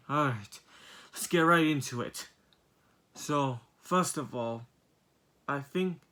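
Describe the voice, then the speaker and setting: A young man talks through a casual movie review in a bright, tense voice. He rambles and circles back on himself, and keeps firing off exasperated rhetorical questions. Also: a little high.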